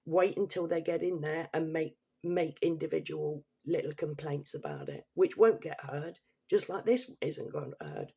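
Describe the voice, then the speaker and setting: Vlogger, woman, Leicester accent, gravelly and husky, reads set points then rants and swears. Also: deep voice, animated, normal speed, warm tone. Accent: Leicester English. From Leicester, England. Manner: reads prepared points, then breaks into heated, swearing asides. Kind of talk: political opinion rant.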